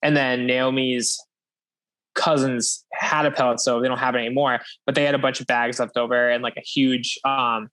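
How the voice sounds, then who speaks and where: A man's voice: mid-range voice, level tone, moderate pace, a bit bright. A young man hosting a podcast, chatting casually and rambling with frequent swearing and laughter. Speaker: podcast host. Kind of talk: casual chat.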